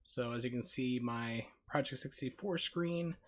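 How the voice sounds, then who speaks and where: A man's voice: mid-range voice, unhurried. A man chatting casually and rambling while he sets up a live game stream, talking into a headset. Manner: chatty and rambling, with many fillers. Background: video game music.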